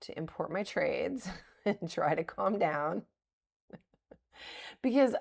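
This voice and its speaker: A middle-aged woman with a low, gravelly voice talks through her trades live on stream. She thinks aloud as she goes, criticizes herself frankly and laughs things off now and then. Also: takes it slowly. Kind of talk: live-streamed trading commentary.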